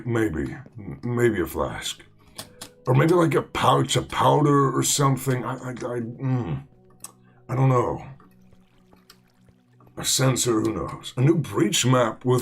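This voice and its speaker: A man's voice: mid-range voice, gravelly, husky. A man hosting a game let's play, chatting casually in a rambling way full of fillers and restarts. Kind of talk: casual gaming commentary.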